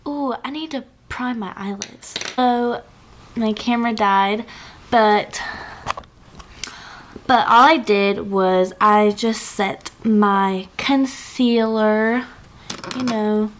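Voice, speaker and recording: Chatty young woman gushing over makeup. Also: a little high. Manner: chatty, gushing, filler-heavy. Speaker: beauty vlogger. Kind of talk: casual makeup tutorial chat.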